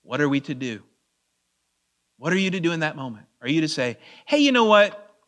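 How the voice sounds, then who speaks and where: A man preaching a verse-by-verse sermon in a conversational way, asking the audience questions and reading scripture slowly with drawn-out emphasis. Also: on the high side, expressive, fairly bright tone. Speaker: pastor. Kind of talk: expository sermon.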